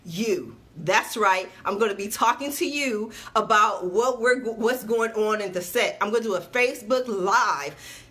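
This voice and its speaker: A woman's voice: medium pitch, unhurried, fairly bright tone. A woman who runs a small TV network, chatting casually to viewers on a livestream; upbeat, she repeats dates for emphasis and is sweating a little. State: sweating, patting herself dry. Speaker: TV network CEO. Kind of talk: casual Facebook Live talk to viewers.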